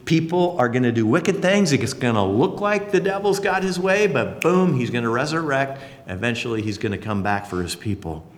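Animated folksy preacher in a reverberant hall. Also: male voice, mid-range voice, moderate pace, hardly any pauses. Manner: animated, folksy and conversational, leaps up for exclamations. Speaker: pastor. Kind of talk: sermon.

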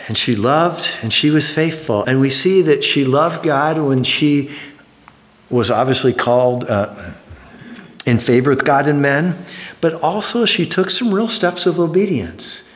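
A man in his fifties preaching a sermon, telling stories with jokes, sudden high exclamations and quiet drops. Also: a little slow. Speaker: pastor. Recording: long hall reverb.

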